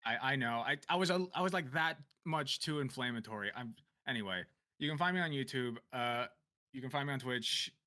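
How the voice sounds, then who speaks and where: A man introducing himself on an online panel as a streamer, halting and restarting as he goes. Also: mid-range voice, sharp tone. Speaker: streamer guest. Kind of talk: casual self-introduction.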